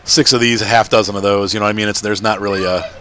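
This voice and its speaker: A man's voice: on the low side, steady tone, racing, a bit bright. A man chatting casually as he plays a farming game at home, rambling and laughing often. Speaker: let's-play gamer. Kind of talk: casual gameplay commentary.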